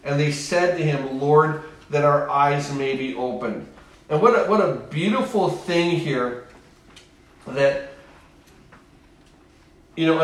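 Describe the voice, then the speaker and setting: A man preaches with emphatic repetition, his voice sitting a bit high for a man. He is recorded from some distance in a very echoey room, so his words ring around the space. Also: a little slow. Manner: emphatic, repeats phrases, acts out voices. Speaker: pastor. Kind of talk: sermon. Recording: echoey room, far from mic.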